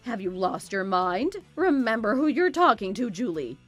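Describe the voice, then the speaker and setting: A woman's voice: on the high side, sing-song, moderate pace, faint music behind. Woman playing a bossy, spiteful mother-in-law. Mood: scolding. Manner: scolding, contemptuous, bossy. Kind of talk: dramatized story voice acting.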